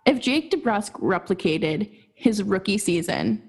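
A young woman co-hosting a casual sports podcast, chatty and quick to laugh, with lots of fillers. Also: medium pitch, animated, vocal fry, darkish tone, slightly rough. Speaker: podcast co-host.

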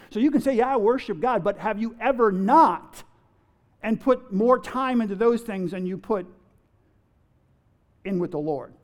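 A man's voice: high-pitched, darkish tone. A man preaching a sermon, firing rhetorical questions at his listeners and playfully acting out everyday remarks. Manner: fires rhetorical questions at the audience; playful, acts out everyday quotes, chuckles.

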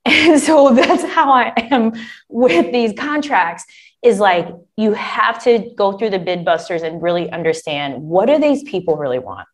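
Woman, contracting coach, lively and talkative, casual y'all delivery. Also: medium pitch, normal speed. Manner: animated, chatty, addresses listeners as y'all. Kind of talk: coaching talk to an audience. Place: Michigan.

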